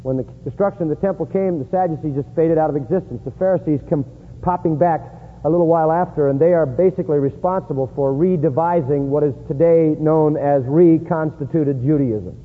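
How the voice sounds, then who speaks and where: A man preaching a sermon in an emphatic style, rising high and loud to stress points. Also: a little fast, breathy edge. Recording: echoey hall on a tinny lo-fi line.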